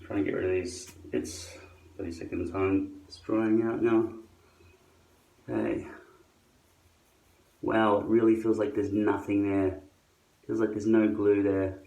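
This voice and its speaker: A man's voice: on the low side, little pitch movement, unhurried, gravelly, pauses often, mellow, distant mic. A man demonstrating how he applies a hairpiece, talking to his viewers in a sardonic, grumbling way and swearing often. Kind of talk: casual how-to monologue to camera. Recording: echoey room.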